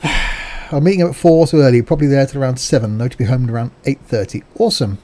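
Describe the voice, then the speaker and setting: A man's voice: medium pitch, animated, fast talker, mellow. A man streaming a train simulator game live, chatting casually and teasing his viewers in a jokey way. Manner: jokey, teasing banter with chat.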